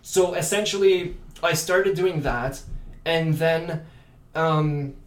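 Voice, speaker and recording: A man from Canada whose first language is French, chatting as an actor in an interview, animated and full of restarts. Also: fairly high pitch, slow. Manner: animated, many restarts and fillers. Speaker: actor and podcast guest. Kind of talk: casual interview chat. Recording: echoey room.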